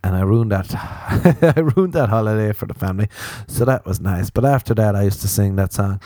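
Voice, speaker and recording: A young man with an Irish accent telling rambling comic stories, often jumping into squealing high voices. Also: moderate pace, mellow, no echo. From Ireland. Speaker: comedian. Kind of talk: comic storytelling monologue.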